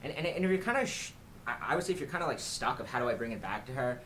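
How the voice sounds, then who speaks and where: A man's voice: medium pitch, expressive, very fast, fairly bright tone, a little hiss or hum, low-quality recording. A man hosting a casual dating-advice chat, rambling, restarting, and asking his guest questions. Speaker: dating coach host.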